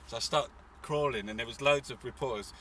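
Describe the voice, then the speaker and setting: A man's voice: mid-range voice, a little fast, a bit bright, recorded from a distance, a little hiss or hum. A man from England, an artist and activist, telling stories in a rambling, swearing, casual interview outdoors in a city. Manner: rambling, swearing, full of fillers.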